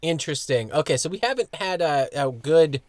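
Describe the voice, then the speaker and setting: A man's voice: a little high, moderate pace, no room sound. Guy cohosting a podcast, bouncy jokey delivery, trips over his words, dry close mic. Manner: lively, joking, stumbles over words. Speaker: podcast co-host. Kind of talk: casual podcast chat.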